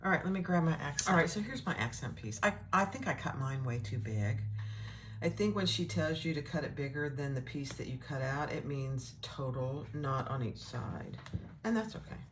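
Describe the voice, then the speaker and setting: A woman giving a casual sewing tutorial, relaxed and chatty, thinking aloud as she works. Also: sits low, normal speed, a little hiss or hum. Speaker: sewing instructor.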